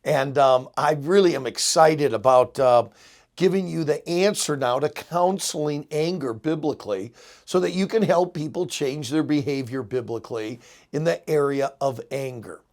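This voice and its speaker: A man's voice: on the high side, normal speed, darkish tone. A middle-aged man giving an earnest, emphatic lecture on counseling, addressing students directly. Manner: earnest, emphatic, illustrates with examples. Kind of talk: recorded seminary lecture.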